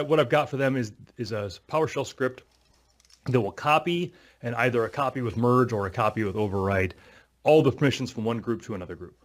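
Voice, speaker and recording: Chatty self-mocking man co-hosting a podcast. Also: mid-range voice. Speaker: podcast co-host. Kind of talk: casual tech podcast chat.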